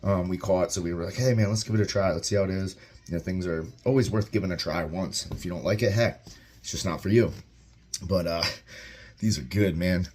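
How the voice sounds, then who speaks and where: A young man with a very low, deep voice talks in an upbeat, rambling way as he tastes and reviews food in his home kitchen. He sits close to a camera mic, with a faint hiss of noise behind him. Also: fairly quick, darkish tone. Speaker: vlogger reviewing a meal. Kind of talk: casual vlog chat. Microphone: camera mic, propped-up phone without tripod.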